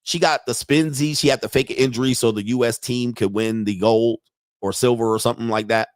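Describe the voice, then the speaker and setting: A man's voice: medium pitch, steady tone, a little fast, no room sound, clean studio sound. A man hosting a podcast from his computer, talking in a casual, rambling, profane way and laughing often. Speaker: podcast host. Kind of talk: casual live-streamed commentary. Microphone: computer mic and webcam.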